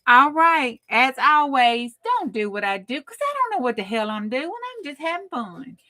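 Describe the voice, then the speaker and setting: Bright, folksy woman hosting a live craft stream. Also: sits high, big pitch swings, normal speed. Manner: folksy, bawdy and laughing, greeting viewers by name. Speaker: host of a late-night crafting live stream. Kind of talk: casual live-stream chat.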